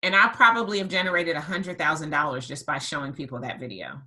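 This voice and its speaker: A woman hosting a podcast and telling a story in a lively conversational way, stressing her points by repeating words. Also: sits low, quick pace, poor audio. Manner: emphatic, repeats words for effect. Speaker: podcast host and business coach.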